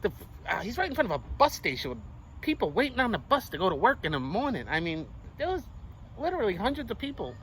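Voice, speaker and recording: Animated, cussing young man telling a story. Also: high voice, fast talker, slight background noise, poor audio. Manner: animated, profane street slang. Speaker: vlogger. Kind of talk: casual storytelling.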